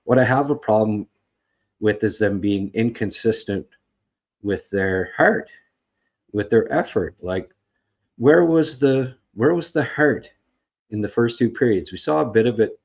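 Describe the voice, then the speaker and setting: A man with a fairly low voice hosts a casual recap on a livestream. He rambles, sounds frustrated, and keeps restarting his sentences around fillers. The sound is dull and lo-fi. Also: normal speed. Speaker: podcast host.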